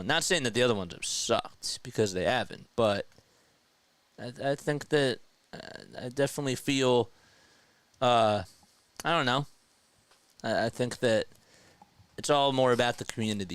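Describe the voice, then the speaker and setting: A young man doing live baseball play-by-play as a streamer, chatty and quick to laugh, reading viewer comments between pitches. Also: a bit bright, smooth, dry recording. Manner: chatty, laughs often, reads chat aloud.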